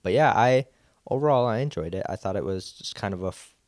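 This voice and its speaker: A man's voice: fairly low pitch, lively intonation, quick pace, a little mellow, no echo, clean studio sound. A man co-hosting a podcast, chatting casually in an easygoing, rambling way with lots of "like"s. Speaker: podcast co-host. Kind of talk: casual chat.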